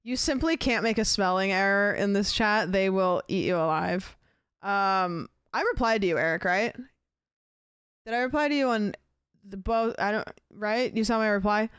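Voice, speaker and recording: A woman's voice: medium pitch, normal speed, fairly bright tone, clean tone, no room sound, studio quality. A young adult woman livestreaming from her desk, rambling chattily and thanking donors between stories. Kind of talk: casual stream chat.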